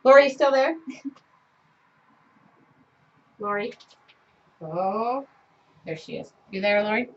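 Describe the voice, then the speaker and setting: A woman's voice: mid-range voice, expressive, takes it slowly, pauses often, heavy background noise. A woman hosting a live art session from her studio, chatting casually and rambling with self-mocking jokes. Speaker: art livestream host. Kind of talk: casual chat while painting. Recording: dull lo-fi livestream audio.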